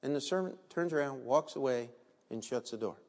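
A man's voice: medium pitch, lively intonation, a little fast, creaky. A man preaching a sermon as a pastor, telling the story vividly and asking the congregation rhetorical questions. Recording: long reverb in a large hall.

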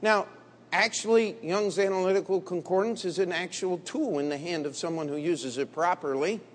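A man preaching a sermon in a blunt, combative way, dropping to low murmurs and rising to loud emphatic bursts. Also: moderate pace. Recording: long hall reverb.

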